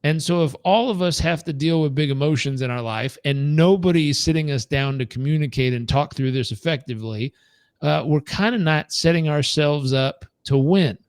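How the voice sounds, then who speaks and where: A man in his thirties leading a live coaching training, telling stories and acting out quoted voices with big jumps in pitch. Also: moderate pace, smooth, no room sound. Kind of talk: live training talk with storytelling.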